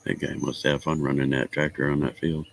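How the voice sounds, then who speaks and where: A man's voice: a bass voice, flat delivery, brisk, creaky, slight background noise. A man chatting casually with viewers of his stream, laughing often and swearing casually. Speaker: livestream host chatting with viewers. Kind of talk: casual chat.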